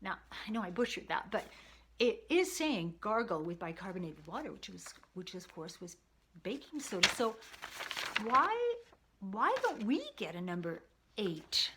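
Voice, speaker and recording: A woman's voice: medium pitch, big pitch swings, unhurried, noisy background. A woman hosting an explanatory history video, chatting casually and reading old newspaper clippings aloud. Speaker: video host.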